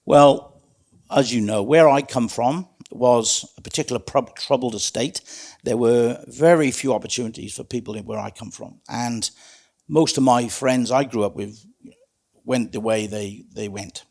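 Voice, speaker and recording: A man's voice: medium pitch, moderate pace, gravelly, a little mellow. A middle-aged man, telling his life story as a guest in an interview in an earnest, plain-spoken way. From South Wales. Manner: earnest, plain-spoken, calls the host mate.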